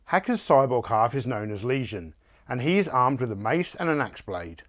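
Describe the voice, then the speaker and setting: A man reading a scripted toy review narration in an even, polished way. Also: mid-range voice, moderate pace.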